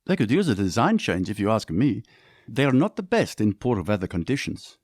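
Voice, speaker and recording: Man doing a young inventor, eager, bit defensive, lively voice, storybook. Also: fairly low pitch, fairly quick. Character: bookish young inventor, eager and mildly testy.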